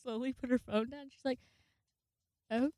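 A woman in her twenties, with a mid-range, slightly mellow, clean-toned voice at a moderate pace, tells a rambling tale laced with profanity, acting out quoted voices along the way in a casual monologue. Dry, studio-quality audio.

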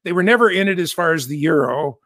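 A man's voice: on the high side, animated, quick pace, fairly bright tone, no room sound, studio quality. A man from the United States giving chatty, self-correcting commentary with jokey asides. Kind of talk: casual spoken commentary.

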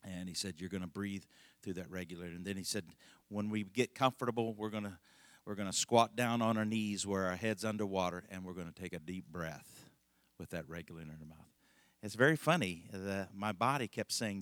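A man's voice: deep voice, brisk, few pauses, fairly bright tone, no echo. A middle-aged male pastor telling a rambling, folksy story in a conversational sermon, laughing often.

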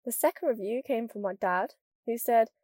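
Podcast host: young northern English woman, mild accent, quick rambling chat, very dry close sound. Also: on the high side, darkish tone, no room sound. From northern England. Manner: fast rambling, lots of "like". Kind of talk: casual chatty monologue.

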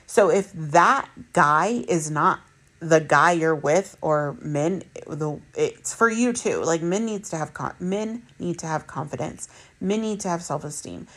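Woman in her thirties, lowish voice, candid vlog monologue, swears a lot, repeats herself for emphasis. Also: unhurried, fairly bright tone. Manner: blunt, swears freely, emphatic repetition. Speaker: vlogger.

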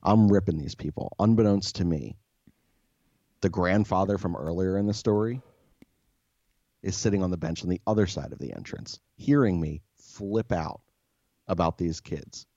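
A man's voice: low-pitched, normal speed, mellow, dry recording, highs cut off. A man co-hosting a podcast, telling a story in a profane, exasperated rant. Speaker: podcast co-host. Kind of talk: casual storytelling.

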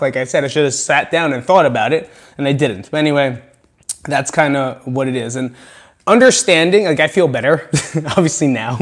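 A man hosting a solo podcast, speaking frankly and with lots of swearing, rambling between low mutters and loud venting. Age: adult with children. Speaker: podcast host. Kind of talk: solo podcast monologue on anger.

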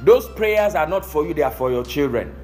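A man's voice: fairly high pitch, expressive, a little fast, a little mellow, soft background music. A male pastor preaching a sermon, emphatic, often asking the congregation if they are listening.

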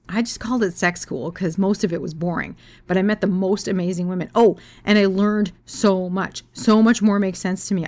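A woman author reading her own story aloud, frank and expressive, swearing freely. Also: mid-range voice. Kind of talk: storytelling reading of memoir and novel.

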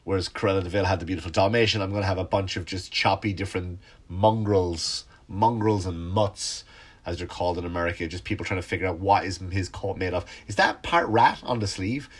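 A middle-aged man with a slightly low voice, stuffed up and sniffly. He rambles through a casual comic monologue, swearing freely and cutting himself off mid-sentence. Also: brisk, breathy edge. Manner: rambling, profane, self-interrupting. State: congested, sniffly. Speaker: stand-up comedian hosting a podcast.

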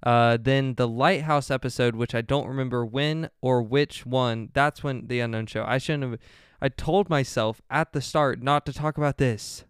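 A young man talks through a solo podcast episode, often stopping to correct himself and filling gaps with ums. His voice is very smooth and clear, and it sits dry and close with no room sound. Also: medium pitch, fairly even intonation, moderate pace, no echo. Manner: rambling, self-correcting, many fillers. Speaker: podcast host.

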